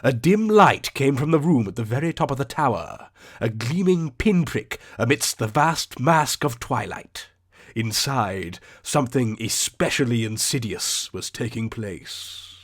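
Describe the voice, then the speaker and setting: A man reading an audiobook aloud in a measured, dramatic, atmospheric narrating style. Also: medium pitch, animated. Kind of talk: scripted storybook narration.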